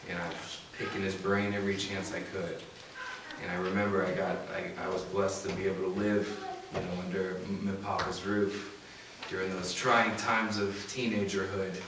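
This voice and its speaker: A man's voice: sits low, little pitch movement, normal speed, noisy background. A young man telling stories about his grandfather in a eulogy, with many "you know"s and restarts. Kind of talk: eulogy storytelling. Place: funeral service hall. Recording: echoey hall, mic from far off. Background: audience laughter.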